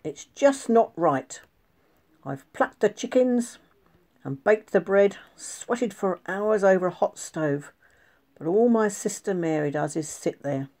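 A woman voicing Martha, a fed-up hardworking woman of the house who complains in a whiny, drawn-out way. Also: medium pitch, lively intonation, darkish tone, pitched above the performer's own voice. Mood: grumbling.

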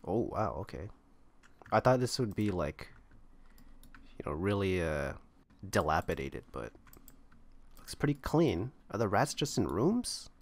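A man's voice: low-pitched, very animated, measured pace, long pauses. A man giving casual gameplay commentary, thinking aloud and rambling as he explores an online game. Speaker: gamer playing online roleplaying servers.

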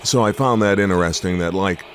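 A man's voice: low voice, fairly quick. An older American man hosting a casual podcast interview, chatty and rambling, laughing often as he talks. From United States. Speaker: radio host interviewing a comedian.

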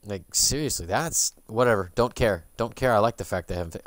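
A man's voice: lowish voice, fairly quick, few pauses, no room sound. A man streaming a game, muttering sarcastic, swearing asides as he plays. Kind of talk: casual gameplay commentary.

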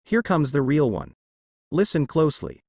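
A man's voice: a little high, huge pitch swings, moderate pace, vocal fry, darkish tone, husky, dry recording, full character voice. A man voicing an earnest, scheming male soldier strategist in a fan story reading. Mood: matter-of-fact.

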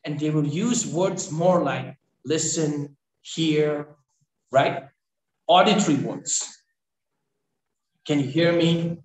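A man's voice: a little high, slow, long pauses. A man from Northeast India giving a training lecture. He repeats key phrases and keeps checking in with "right?". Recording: echoey room.

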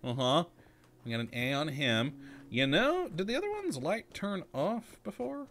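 A man's voice: fairly high pitch, very animated, measured pace, fairly bright tone. A man hosting a let's-play video, chatting casually to himself and laughing often as he plays. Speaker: gaming channel host.

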